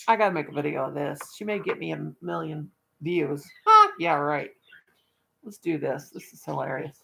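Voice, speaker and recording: A woman's voice: low voice, big pitch swings, normal speed, gravelly, pushed and bright. A woman chatting casually on her livestream, folksy and talkative, breaking into baby talk to her dog now and then. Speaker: livestream vlogger.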